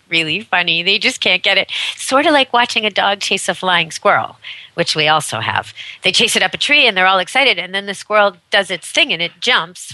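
Bright-voiced chatty woman radio host. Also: medium pitch, no echo, poor audio. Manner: chatty, amused, laughs often, playful dog voices. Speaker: radio show host, dog camp owner. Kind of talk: casual radio monologue. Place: rural dog camp in Canada.

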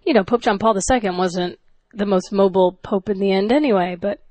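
A woman co-hosts a podcast, chatty and full of quick questions. Her pitch is mid-range, and the sound is dry and close. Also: a little mellow, no echo. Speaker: podcast co-host. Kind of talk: casual chat.

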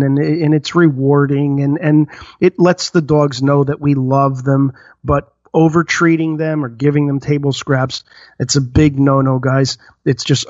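A man's voice: mid-range voice, dry recording. Podcast co-host, man, New Jersey accent, easygoing advice-giver, dry lo-fi recording. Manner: easygoing, laughs often, gives advice on dog care. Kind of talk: casual chat.

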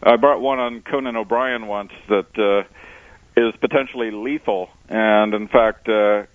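A man's voice: on the low side, unhurried, no room sound. Man telling stories over a tinny phone. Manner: relaxed storyteller with frequent uh fillers. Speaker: explorer and author guest. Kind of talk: radio interview over a phone line. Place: on location, not in studio. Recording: dry tinny phone line.

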